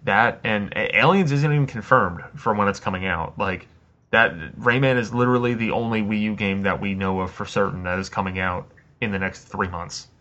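A man's voice: lowish voice, fairly even intonation, fairly quick, sharp tone. A man casually chatting as a podcast co-host, talking in loose, rambling stretches with restarts. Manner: rambling, frequent restarts and fillers. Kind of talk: casual chat. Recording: dull lo-fi recording.

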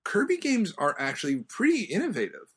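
Excitable rambling young man. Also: high-pitched, a little fast, slightly rough. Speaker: podcast co-host. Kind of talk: casual chat.

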